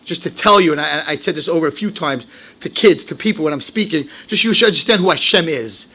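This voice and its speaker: A high, bright-voiced man preaching a sermon. He talks animated and dramatic, sinking into quiet asides and then climbing into shouted, acted-out lines. His tone is forceful and keen. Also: quick pace. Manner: animated, swings from low asides to shouted high-pitched outbursts, acts out quotes. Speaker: rabbi giving a Torah lecture.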